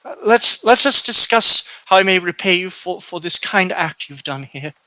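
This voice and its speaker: A man voicing a kindly, frail old grandmother, speaking in a shaky, high, breathless voice. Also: expressive, normal speed, sharp tone, no echo. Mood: warm pleading.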